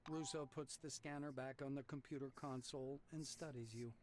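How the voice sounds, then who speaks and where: A man reading the narration of a text game aloud in a plain, even way. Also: medium pitch, brisk, slight background noise.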